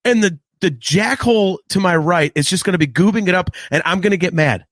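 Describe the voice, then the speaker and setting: Excitable ranting man with a high voice. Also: a little fast, no echo. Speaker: podcast host. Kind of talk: casual podcast chat.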